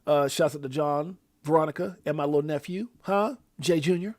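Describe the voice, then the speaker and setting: A man hosting a live stream, casually reeling off shout-outs to viewers with loud, excited bursts. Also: no room sound, studio quality. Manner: lively, hyped, drawn-out shout-outs with sudden loud high bursts. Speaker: livestream host.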